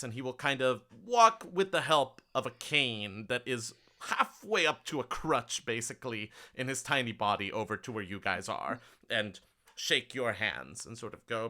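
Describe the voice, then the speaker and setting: Man, game master, tabletop narration, casual, bright voice. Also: medium pitch, lively intonation, normal speed. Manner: casual, loose with fillers and hedges.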